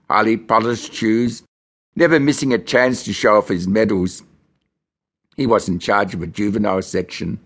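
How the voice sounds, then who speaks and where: A man from Australia reads a novel aloud in the first person, measured and grim. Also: lowish voice, creaky. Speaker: audiobook narrator.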